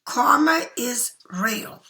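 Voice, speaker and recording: A middle-aged woman reads tarot in a loose, chatty way. Her voice sits fairly high and bright, with a gravelly fry running through it. She leans hard on her points and now and then drops into slow, soft whispers. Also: lively intonation. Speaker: tarot card reader. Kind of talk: casual spiritual tarot reading.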